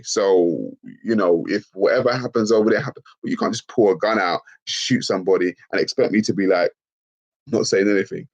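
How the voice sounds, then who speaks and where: A man's voice: low-pitched, brisk, dull audio. A man with children, talking bluntly and profanely on a casual livestream, answering chat comments. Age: adult with children. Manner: blunt, profane, animated, laughs often.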